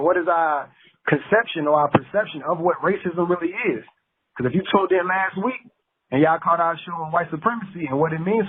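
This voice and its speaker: A man's voice: on the high side, breathy edge. A man hosting a radio talk show, speaking in a laid-back storytelling way and talking straight to his listeners. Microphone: phone call. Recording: tinny phone line.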